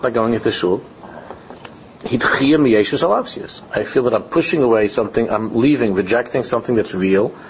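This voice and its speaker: Animated man teaching a Torah class. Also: brisk. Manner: animated storytelling, acts out dialogues in pitch jumps; Yiddish and Hebrew terms woven into speech. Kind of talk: Talmudic-style lecture with anecdotes. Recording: lo-fi recording with faint background noise.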